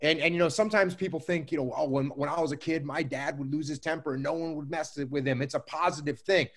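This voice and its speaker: A man answering interview questions about leadership in a measured, emphatic way, often repeating key phrases. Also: on the high side, fairly even intonation, a bit bright. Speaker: guest speaker on leadership.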